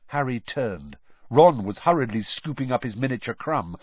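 Male audiobook reader, lively and dramatic, slightly husky. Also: medium pitch, normal speed, no room sound, muffled recording. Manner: dramatic, expressive reading. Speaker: audiobook narrator. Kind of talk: audiobook narration.

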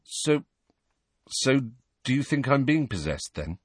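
Moody defensive teen boy, bit higher, husky, as a man reads him. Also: very animated, slow pace, no room sound, studio quality, heavily acted. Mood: sullen. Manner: stiff, resentful. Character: sullen, defensive teenage boy.

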